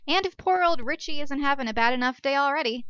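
Chatty high-voiced woman host. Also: fast, fairly bright tone, no room sound, lo-fi sound. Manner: chatty and jokey, self-deprecating asides. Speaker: podcast host. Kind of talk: casual educational monologue.

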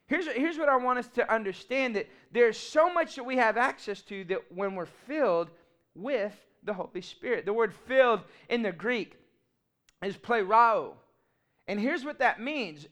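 A man, preaching a sermon in an animated, humorous and emphatic way. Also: high voice. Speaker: pastor.

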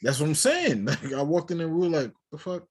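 A man's voice: fairly high pitch, big pitch swings, fairly quick, husky. A man co-hosting a casual podcast chat, joking and laughing often in loose slangy banter. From West Indian family. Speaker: podcast co-host.

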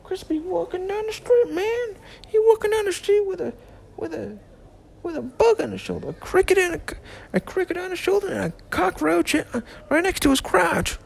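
A drunk man putting on a manic, high-pitched voice, rambling raspily with cracking, strained tones. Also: sing-song, fairly quick, full character voice. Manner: raspy, rambling.

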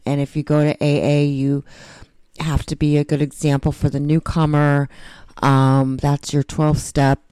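A woman's voice: sits low, warm tone, clear, resonant tone, dry recording. A woman talking earnestly and a bit rambling in a casual recovery chat, often restarting her sentences.

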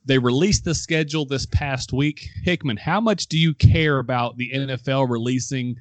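A young man hosts a relaxed talk show and spins a story out loud. He acts out the people he quotes and laughs along the way. His voice sits dry and close to the mic. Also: medium pitch, moderate pace, no echo. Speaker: podcast host. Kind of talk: casual chat, storytelling.

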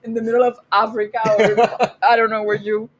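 A woman's voice: on the high side, little pitch movement, brisk, a crowd in the background. Teasing woman in casual chat.

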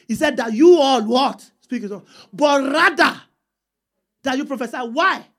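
A woman's voice: high voice, unhurried, a bit bright. A woman preaching a sermon, repeating points and calling for answers from the congregation. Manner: call-and-response with the congregation, emphatic repeats.

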